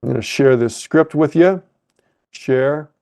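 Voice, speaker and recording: A man coaches a live webcast lesson while clicking through trading software, thinking aloud and correcting himself. His voice is mid-range and a little slow.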